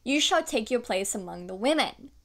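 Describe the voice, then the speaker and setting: Woman doing a stern, menacing fairy-tale husband, casual quoting, higher voice. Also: expressive, normal speed, fairly bright tone.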